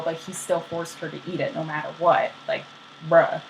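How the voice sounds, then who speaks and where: A young woman casually retelling myths as a podcast co-host, slangy and animated, acting out the characters. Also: low voice, moderate pace, gravelly, a little hiss or hum, low-quality recording.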